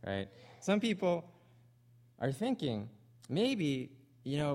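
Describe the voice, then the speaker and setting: A man with a Canadian accent preaching a sermon, animated, acting out the voices he quotes. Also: on the high side, slow, pauses often. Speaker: pastor.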